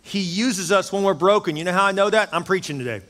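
A man's voice: high voice, fast talker, hardly any pauses, a bit bright, a faint crowd. A pastor in his fifties preaching a sermon in a church sanctuary, emphatic and full of storytelling. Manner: emphatic preaching, storytelling with rising and falling intensity. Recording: long hall reverb.

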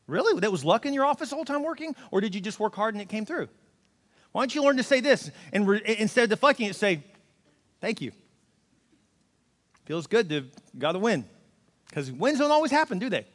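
A man with a high voice preaches like he is chatting with the congregation, tossing in "right?" and playing out both sides of small arguments. The sound hangs in a reverberant hall. It comes across as a live church sermon. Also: quick pace. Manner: conversational, animated preaching with repeated "right?" and acted-out quotes. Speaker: pastor.

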